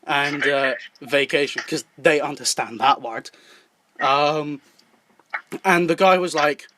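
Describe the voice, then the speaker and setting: A man's voice: on the high side, measured pace, bright, forceful tone. A man with a mild Scottish accent, hosting a podcast and telling a story in casual chat, swearing and laughing as he goes. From Scotland. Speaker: podcast host.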